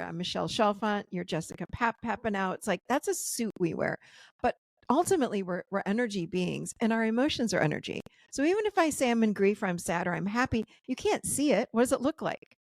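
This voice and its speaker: A woman coach talks on a video call in a lively, chatty way, laughing and acting out what her clients said. Her mid-range voice has a gravelly, fried edge. The sound is dry and close, with no room around it. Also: mid-range voice, dry recording. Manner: animated, laughing, acts out client quotes. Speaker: guest coach and author. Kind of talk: casual interview chat.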